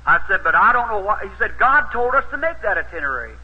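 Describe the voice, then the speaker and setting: A man's voice: sits high, big pitch swings, fast talker. Folksy preacher man on an old tape. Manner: folksy, rises to emphatic exhortation. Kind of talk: sermon storytelling. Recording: dull, husky old tape recording.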